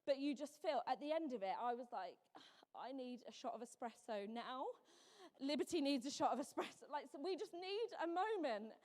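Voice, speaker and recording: A woman in her thirties giving a Mother's Day sermon, telling a story with lively mimicked voices. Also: high voice, normal speed. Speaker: preacher. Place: church hall. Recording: long hall reverb.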